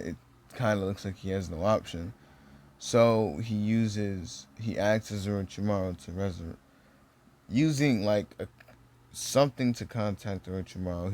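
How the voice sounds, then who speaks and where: A young man telling a homemade fan story off the cuff, full of "like" and self-corrections. His voice sits a bit low, and he keeps a loose, conversational flow. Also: darkish tone. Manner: rambling, many fillers and restarts. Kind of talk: casual fan story retelling.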